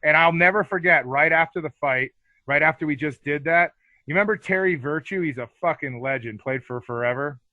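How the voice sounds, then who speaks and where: A man telling stories as a podcast guest in a casual interview, animated and swearing freely. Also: on the high side, a little fast, no echo, phone-quality sound.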